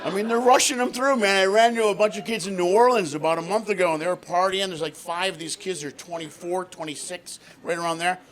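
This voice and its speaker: A man doing a high-energy stand-up comedy set on stage, acting out voices and shouting punchlines. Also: steady tone, fast talker, few pauses. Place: comedy stage before a laughing audience.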